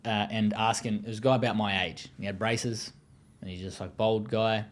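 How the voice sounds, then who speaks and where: A man's voice: lowish voice, steady tone, normal speed. An Australian man speaking as an interview guest, telling his story in a blunt, profane, casual way with many fillers.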